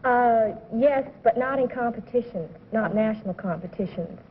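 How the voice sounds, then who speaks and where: A woman's voice: on the high side, normal speed, a little hiss or hum. A woman contestant on a 1950s TV game show, giving tentative short answers. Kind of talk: answering quiz questions. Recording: tinny 1950s TV broadcast.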